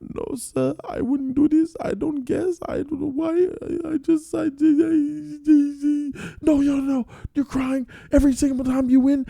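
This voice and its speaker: A man voicing a gullible young man who pleads in a high, tearful, halting voice. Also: completely flat delivery, dark tone, no echo.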